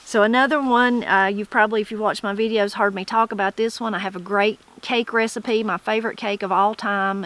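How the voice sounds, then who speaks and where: A woman's voice: medium pitch, fairly bright tone, rough recording. A middle-aged woman with a Southern Appalachian accent, chatting casually as host and reading aloud from old sources. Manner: chatty, folksy, self-correcting while reading aloud. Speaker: channel host. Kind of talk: casual talk and reading from a dictionary.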